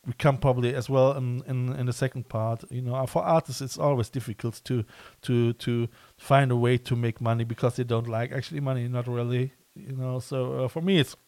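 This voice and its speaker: A man hosting a casual podcast interview, talking in halting phrases full of restarts and fillers. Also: mid-range voice, fairly even intonation, a little mellow, dry recording. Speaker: podcast host.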